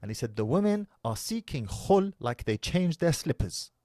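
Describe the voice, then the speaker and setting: A man's voice: on the high side, sing-song, normal speed, warm tone, no room sound, clean studio sound. A man, giving casual, emphatic commentary as a reaction video host. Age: 30s. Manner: emphatic, preachy.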